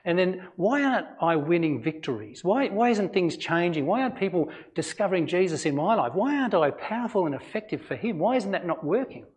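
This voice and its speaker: A man preaches a sermon with a fairly high-pitched voice. He speaks earnestly but conversationally, and keeps asking his listeners rhetorical questions. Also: very animated, brisk, few pauses, darkish tone. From Australia. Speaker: pastor.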